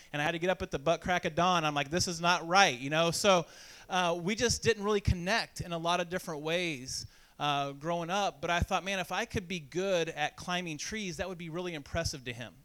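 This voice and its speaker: Man from indiana, preacher, high clear voice, self-deprecating storytelling. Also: fairly bright tone. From Indiana, USA. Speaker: pastor. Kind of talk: sermon with personal story.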